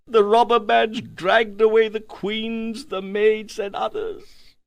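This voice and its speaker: A man narrates an audiobook with a solemn, dramatic delivery. His voice sits high for a man and carries a gravelly texture. He reads slowly in a dry, close recording. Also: flat delivery, no echo. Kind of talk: scripted first-person narration of a spiritual text.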